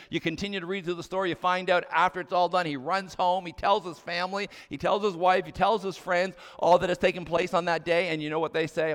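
A man with a fairly high voice preaches a storytelling sermon, sinking to a low, hushed tone to drive his points home. His words ring out with a long reverb through a large church sanctuary. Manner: storytelling preacher, drops low and soft for emphasis. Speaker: pastor.

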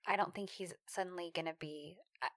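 A woman's voice: lowish voice, steady tone, fairly quick, dry recording, studio quality. A woman co-hosting a casual podcast, recapping a TV series and sharing her reflective, hedging take while agreeing readily with her co-host. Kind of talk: casual chat.

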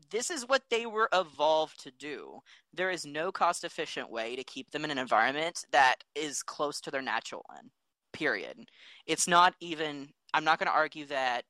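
A man with a bright, forward voice co-hosts a podcast. He explains things earnestly in a casual chat, and the recording is dry and close. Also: a little high, no room sound, poor audio. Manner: earnest, explanatory, talks through facts. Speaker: podcast co-host.

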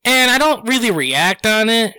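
A man tells a story on a casual podcast, high-pitched and animated, swearing freely as he acts out quotes. His voice is bright and forward. The room sounds dry and close. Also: moderate pace, smooth, dry recording.

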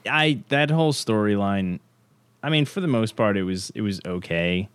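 A man's voice: lowish voice, expressive, moderate pace, clear, resonant tone, dry recording. A man co-hosting a film review podcast, chatting casually, swearing freely and laughing often. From United States. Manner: loose, profane, laughs often. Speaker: podcast co-host.

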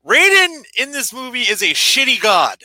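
A man's voice: very high voice, big pitch swings, normal speed, sharp tone, no echo. A man ranting emphatically in casual podcast chat.

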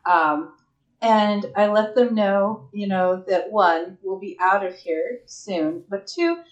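A woman playing a tabletop game in character, earnest and playful, with a halting manner. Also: mid-range voice, muffled recording. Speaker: player.

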